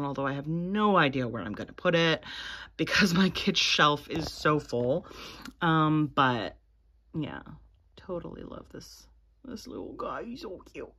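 A woman's voice: deep voice, bright, forceful tone. A woman in her forties chatting casually about her vintage toy finds, rambling with lots of fillers and little laughs. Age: 40s. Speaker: vintage toy collector vlogger. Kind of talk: casual show-and-tell vlog.

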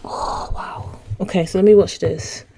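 A woman's voice: medium pitch, steady tone, a little slow, creaky, noisy background. A young woman, commentating a horror game she is playing, jumpy and easily startled, with gasps and exclamations. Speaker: gaming YouTuber.

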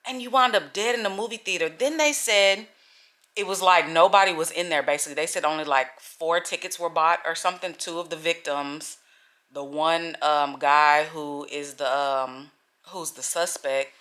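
A woman's voice: deep voice, moderate pace, fairly bright tone. A woman in her thirties vlogging at home, chatting loosely and rambling. She swears freely and calls her viewers "y'all". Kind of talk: casual chat to camera.

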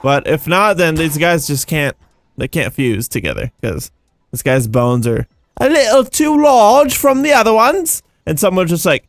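A young man giving casual, rambling gameplay commentary as a YouTuber, excitable and jumping between high and low. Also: normal speed, no echo, clean studio sound. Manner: excitable, rambling, jumpy pitch swings. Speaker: gaming YouTuber.

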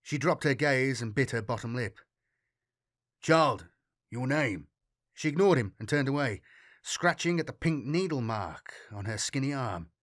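A man reads a dark science-fiction audiobook with lively, animated pitch movement and a steady storytelling pace. The recording is dry and close, with no room sound. He sounds engaged in the story, mid-pitched. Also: moderate pace, dry recording. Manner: expressive storytelling reading. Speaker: audiobook narrator. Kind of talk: scripted narration.

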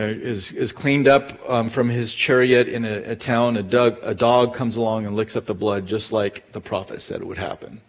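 A middle-aged man, a pastor teaching verse by verse through a Bible book in a relaxed storytelling way, with fillers and retold dialogue. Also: medium pitch.

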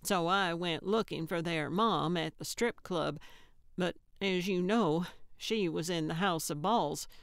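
A cantankerous old woman sleuth who says exactly what she thinks, grumbling and blunt, as a woman narrator puts her on. The voice is clear and unhurried, recorded close and dry for a storybook. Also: lowish voice, dry recording.

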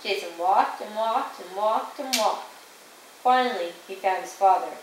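A woman reading a picture book aloud to a small child, slow and patient, adding sound effects along the way. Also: medium pitch. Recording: echoey room, distant mic, faint hiss.

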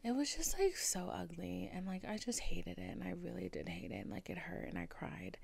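Expressive young woman telling a story. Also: lowish voice, brisk, gravelly, husky. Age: 20s. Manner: expressive, swings between hushed near-whispers and loud outbursts; profane and emphatic. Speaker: podcast host. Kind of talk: casual confessional storytelling.

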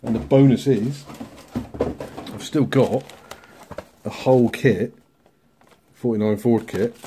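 A man hosting a casual model-building bench update, relaxed and rambling, chuckling at himself now and then. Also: mid-range voice, a little hiss or hum. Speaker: scale model builder, channel host.

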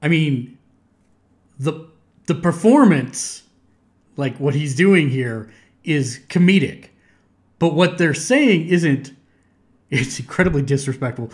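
Middle-aged American man, talkative reaction host, trails off and restarts, slightly high voice. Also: animated, slow, long pauses. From United States. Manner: chatty, restarts sentences, laughs easily. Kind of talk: casual reaction commentary.

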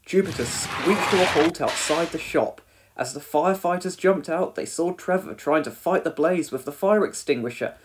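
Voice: mid-range voice, normal speed, breathy edge. A reader narrating a children's storybook aloud and voicing every character. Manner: expressive, reads every character in a different voice.

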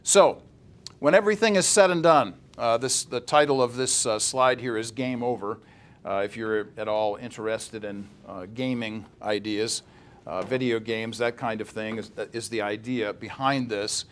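A man's voice: lowish voice, moderate pace. A middle-aged man, a professor, giving a conversational Bible lecture with many filler "uh"s between phrases.

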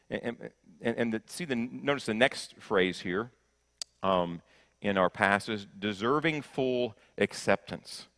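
A man preaching a sermon, emphatic, often repeating his first words, swinging from loud stresses to soft, intense lines. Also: lowish voice. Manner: emphatic, repeats words when starting sentences. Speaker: guest preacher. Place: church sanctuary.

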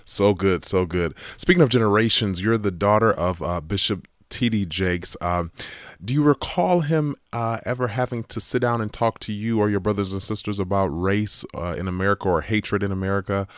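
A man hosting a podcast who offers brief affirmations, then asks quick follow-up questions. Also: lowish voice, smooth, no room sound, clean studio sound. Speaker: podcast host. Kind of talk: interview questions.

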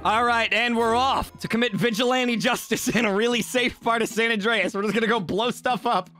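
A man hosting comedic game roleplay, goofy and over the top, often shouting. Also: very high-pitched, steady tone, fairly quick, soft background music. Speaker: streamer host.

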